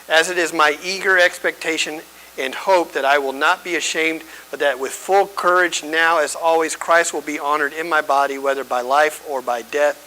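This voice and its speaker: A man's voice: a little high, steady tone, normal speed, bright, forceful tone, a little hiss or hum, poor audio. A man teaching a church Bible study, conversational and emphatic, often checking in with his listeners.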